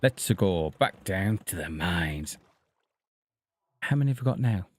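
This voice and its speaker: A man narrating his own gameplay in a loose, chatty stream, often talking to the characters on screen. He speaks slowly and without hurry, in a somewhat low voice, thinking out loud as he goes. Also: animated, husky, dry recording. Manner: chatty, talks to himself and the villagers. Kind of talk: casual gameplay commentary.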